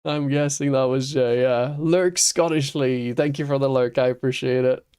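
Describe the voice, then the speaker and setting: A man's voice: mid-range voice, steady tone, normal speed, darkish tone, clear, resonant tone. A Norwegian man, a native Norwegian speaker, chatting casually with viewers on a game livestream and chuckling often. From Norway. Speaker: streamer.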